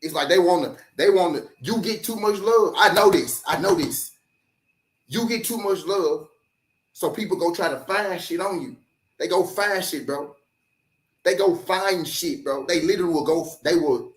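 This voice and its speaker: A man's voice: high-pitched, normal speed. A man hosting a sports talk show, ranting heatedly and profanely, repeating himself and mimicking critics. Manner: animated, profane, repetitive, does mocking voices of critics. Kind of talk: heated solo rant to camera. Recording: echoey room.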